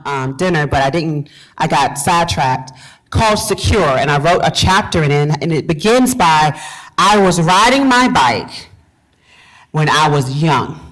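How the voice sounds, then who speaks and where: Animated woman preaching to a crowd. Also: on the low side, rough recording. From Virginia, US South. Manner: animated, repeats key phrases, quizzes the audience. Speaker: pastor and speaker. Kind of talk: motivational talk to a live audience.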